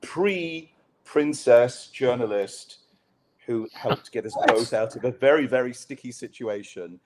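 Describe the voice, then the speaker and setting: A man's voice: medium pitch, unhurried, background noise. A journalist man telling a candid, self-deprecating story as a podcast guest. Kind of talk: conversational storytelling.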